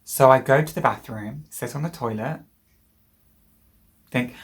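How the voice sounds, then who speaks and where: A British woman in her twenties vlogs to the camera, recounting a personal story candidly and emotionally. Her voice is very deep yet fairly bright, and she speaks unhurriedly with long pauses, retelling events vividly.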